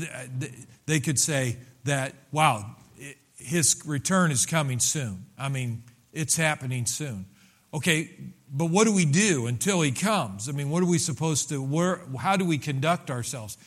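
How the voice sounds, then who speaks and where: A male pastor preaching a sermon in a loose, conversational way, with many restarts and fillers and bursts of emphasis. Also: fairly high pitch.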